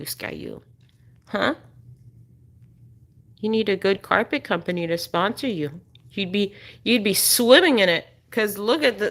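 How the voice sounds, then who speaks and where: A woman's voice: medium pitch, fairly bright tone. A woman chatting casually on a live stream at home, coaxing her dog in a sing-song voice between remarks. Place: indoor room at home.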